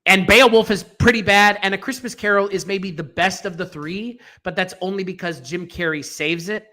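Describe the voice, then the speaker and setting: A man's voice: high-pitched, moderate pace, pushed and bright. A man co-hosting a film podcast, giving strong, emphatic opinions in a casual, rambling way with fillers and restarts.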